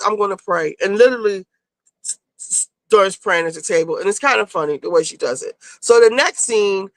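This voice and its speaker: A woman's voice: medium pitch, fairly bright tone, no echo, rough recording. A woman giving a chatty, off-the-cuff recap of a reality TV episode, casual and loose with swearing. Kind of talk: casual, profane recap commentary.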